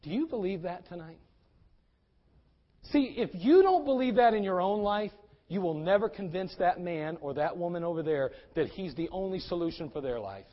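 High-voiced preacher, loud then hushed. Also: male voice, animated, normal speed, in a large hall, lo-fi sound. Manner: swings between loud urgent exhortation and hushed pleading. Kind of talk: sermon.

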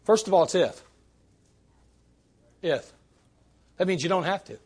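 A man with a notably high voice preaching at a church service. He presses his points with rhetorical questions and dry, sarcastic asides. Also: animated, unhurried, darkish tone, breathy edge. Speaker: pastor. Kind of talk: sermon.

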